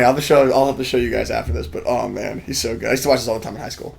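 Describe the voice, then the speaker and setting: Excitable young man stammering on a podcast. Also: medium pitch, racing, gravelly, few pauses. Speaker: podcast co-host. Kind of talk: casual chat.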